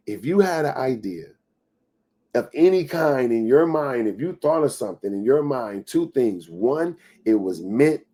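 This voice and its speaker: Husky-voiced man giving a motivational talk. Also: warm tone. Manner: emphatic preaching with repetitions; drops to a low whisper acting out inner doubts. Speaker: motivational speaker.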